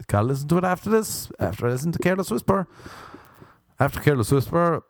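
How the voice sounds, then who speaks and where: A man's voice: on the high side, very animated, fast, no echo. A young Irish man doing a rambling comic monologue, self-mocking and meandering, with sudden sung bits and silly voices. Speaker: comedian.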